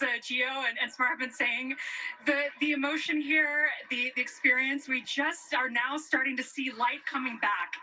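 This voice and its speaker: A woman data scientist reporting live from outdoors, excited and stumbling over repeated words. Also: high-pitched, slight background noise, rough recording. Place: outdoors at an eclipse crowd.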